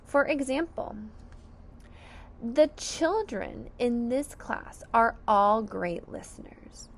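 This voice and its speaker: A woman's voice: a little high, lively intonation, slow pace, creaky, slight background noise. A woman teaching a phonics lesson to young children, sounding out each word syllable by syllable with careful enunciation.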